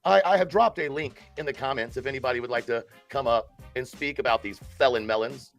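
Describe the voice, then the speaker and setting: A man's voice: medium pitch, brisk, soft background music. A man hosting a live stream, delivering a sarcastic, mock-solemn support-group speech and then chatting casually with viewers.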